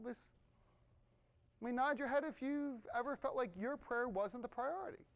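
Animated, high-pitched male preacher. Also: moderate pace, creaky. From Irish family background. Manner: conversational, animated preaching with asides to the congregation. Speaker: pastor. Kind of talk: sermon.

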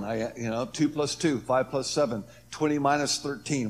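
A man earnestly tells the story of his near-death experience as a personal testimony, his voice swelling and dropping as he acts out what other people said. He speaks fairly quickly in a fairly high pitch, with few pauses and slight background noise.

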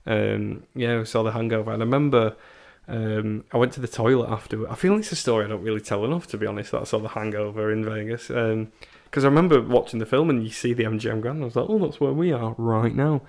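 A man's voice: lowish voice, fast, gravelly, hardly any pauses, a little mellow. A young man hosting a podcast, telling stories in a chatty way with laughs and stammered restarts. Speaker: podcast host. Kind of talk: casual chat.

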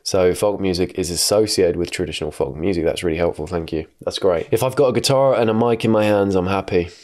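A man's voice: deep voice, fast, darkish tone. A young man giving joking, sarcastic commentary while playing a mobile game. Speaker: gaming YouTuber. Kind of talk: comedic let's-play commentary.

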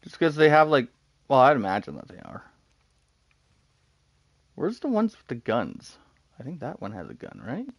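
A man giving live commentary while he plays a game, excitable, talking to himself and laughing often. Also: mid-range voice, normal speed, vocal fry, pauses often, slightly rough, no room sound. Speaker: gaming streamer.

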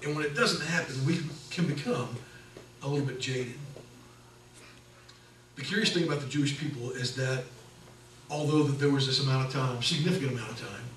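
A middle-aged man preaching a sermon as pastor, conversational and animated, acting out the people in his stories. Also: medium pitch, normal speed, long pauses, a little hiss or hum. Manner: conversational, animated storytelling with acted quotes. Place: church sanctuary. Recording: echoey church from a distance.

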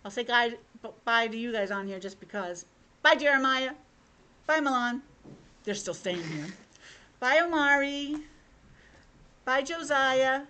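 Lively teacher reading to kids. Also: female voice, high-pitched, a little slow, long pauses, clear, resonant tone. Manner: animated, chatty asides to kids. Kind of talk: reading a picture book aloud to children. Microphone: video call.

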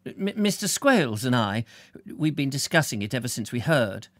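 A man's voice: medium pitch, sing-song, moderate pace, no echo, voice pushed up, close to an everyday voice. A man voicing a fretful, tearful middle-aged landlady who speaks weakly and plaintively. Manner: weak, plaintive.

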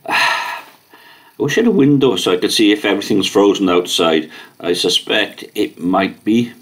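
A man's voice: on the low side, unhurried. A man chatting casually in a rambling, chatty vlog, with many fillers. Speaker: vlogger.

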